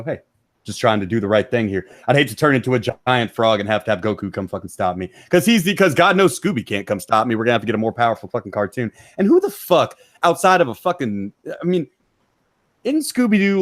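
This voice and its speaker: A man hosting a stream from a back room of his house, ranting loudly and mockingly with heavy profanity. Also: medium pitch, no room sound. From Texas. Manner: loud, mocking, rapid rant. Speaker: stream host.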